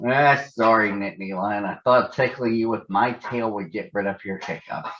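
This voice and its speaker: A man's voice: on the low side, moderate pace, fairly bright tone, roomy sound, natural voice. A man voicing a kindly squirrel who is friendly and eager to help, on a dull lo-fi recording. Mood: apologetic. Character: kindly squirrel with a bushy tail.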